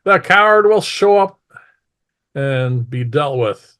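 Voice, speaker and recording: A man voicing a cold, scheming female ruler who threatens her townsfolk in a slow, deliberate way, during a tabletop game. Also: mid-range voice, animated. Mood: menacing. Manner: smug, menacing, slow and deliberate.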